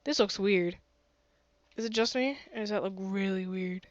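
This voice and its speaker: A woman's voice: medium pitch, moderate pace, dry recording, dull audio. A woman streaming a game with a sore throat, chatty and often gasping and exclaiming. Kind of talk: casual gaming commentary.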